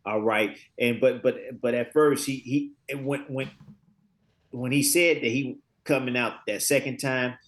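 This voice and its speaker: A man's voice: medium pitch, measured pace. Man in his fifties telling stories. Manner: lively storyteller who acts out quoted dialogue; repeats words while searching for them. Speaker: guest. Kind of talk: casual interview storytelling.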